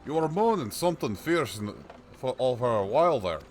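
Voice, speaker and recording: Briskly and very animatedly, a man with a mid-range voice lightly acts a shrewd, folksy old peddler, reading game dialogue on a livestream. He puts on a rustic accent and rambles like a storyteller, with slight background noise.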